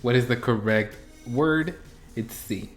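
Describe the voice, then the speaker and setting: A young man hosting a reaction vlog, chatting casually with self-mocking rambles and quick jumps in energy. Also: medium pitch, faint music behind. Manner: animated, self-mocking, rambling with bursts of laughter. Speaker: YouTube reaction host.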